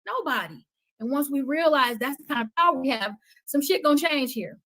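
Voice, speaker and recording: A woman with a somewhat high voice talks with fervent conviction on a podcast, like a preacher. Her delivery swells loud, then drops to a hush. She sounds like a guest on a live stream. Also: brisk, rough recording. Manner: impassioned, preaching cadence, swings from loud to hushed. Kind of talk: passionate podcast talk.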